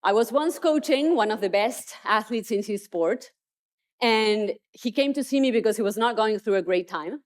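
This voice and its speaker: A woman's voice: fairly high pitch, expressive, moderate pace. A woman motivational speaker telling stories emphatically in a keynote. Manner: storytelling, emphatic. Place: conference stage.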